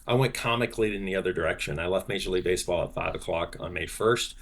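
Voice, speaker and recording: A man's voice: deep voice, quick pace. Older man telling stories, many restarts. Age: 60s. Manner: animated storyteller, many fillers and restarts. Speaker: guest, sports business executive. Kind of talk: podcast interview, anecdote telling.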